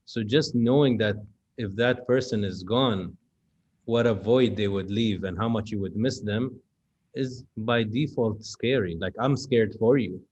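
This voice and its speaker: A man hosting an interview, speaking gently and thoughtfully and often adding "you know". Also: lowish voice, unhurried, slightly rough, highs cut off. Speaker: interview host. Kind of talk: reflective interview conversation.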